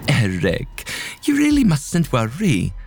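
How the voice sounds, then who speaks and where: A man's voice: medium pitch, wildly swooping pitch, slow pace, darkish tone, faint music behind, pitched above the performer's own voice, heavily acted. A man doing a breezy, stubborn old woman.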